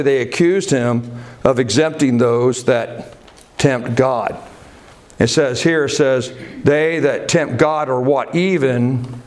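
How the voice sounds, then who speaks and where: A man's voice: medium pitch, a little mellow. A man delivers a sermon, stopping to ask the congregation questions and then answering them himself. He has a mid-range voice. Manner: preaching with call-and-response questions. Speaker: pastor.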